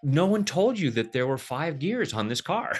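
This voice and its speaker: A man explaining a tapping technique in a relaxed, jokey way, slipping into quoted voices as he talks. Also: fairly high pitch, moderate pace, faint music behind. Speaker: tapping practitioner, guest. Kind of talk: casual teaching over video call.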